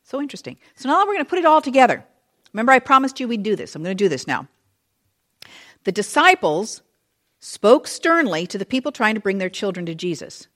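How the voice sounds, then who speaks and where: A woman teaching a Bible study in a chatty, conversational way, full of asides and lively retelling. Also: medium pitch, fairly quick. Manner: expressive, animated retelling.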